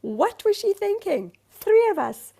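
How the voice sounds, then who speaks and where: A woman voicing a chatty, indignant potted plant in a loud, jokey put-on accent. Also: very high-pitched, sing-song, a little slow, gravelly, voice pushed up, heavily acted. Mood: incredulous.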